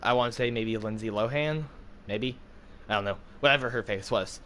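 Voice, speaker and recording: A man's voice: mid-range voice, moderate pace, fairly bright tone, slight background noise. An American man in his twenties chatting casually while gaming, rambling with lots of fillers and jokes. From United States. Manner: rambling, full of fillers, jokey. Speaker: gaming streamer.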